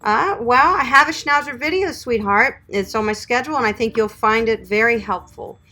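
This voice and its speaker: A bright, clear-toned woman in middle age talks through a live Q&A about grooming dogs. Her voice sits a little high, and she chats warmly with viewers, calling them honey and sweetheart. Soft music plays faintly behind her. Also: moderate pace. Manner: chatty and affectionate, calls viewers honey and sweetheart. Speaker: pet groomer hosting a live stream. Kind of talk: live Q&A chat reading viewer comments.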